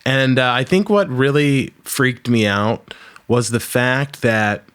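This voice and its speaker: Animated male podcast host. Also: mid-range voice, takes it slowly, clear, resonant tone. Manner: animated storyteller, acts out quotes loudly. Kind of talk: casual conversation.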